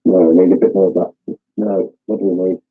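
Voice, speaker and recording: A man's voice: low voice, steady tone, brisk, breathy edge, no room sound. British man on a tinny call line. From United Kingdom. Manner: banter with crude jokes. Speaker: call participant. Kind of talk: casual chat. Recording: tinny call audio, dry.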